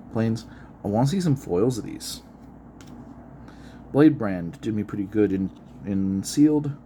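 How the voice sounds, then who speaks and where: A man's voice: mid-range voice, a little mellow, slight background noise. A man hosting an unedited card-opening video, chatting casually, reading card text aloud and musing with frequent laughs.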